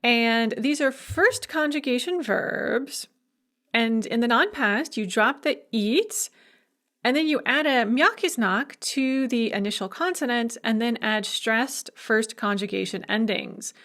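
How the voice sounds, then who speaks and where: A woman professor walks through a recorded lecture, taking her time over each point. Her voice sits a little high, and she talks unhurriedly and patiently. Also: a bit bright. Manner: patient, measured explanation. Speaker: Russian language professor.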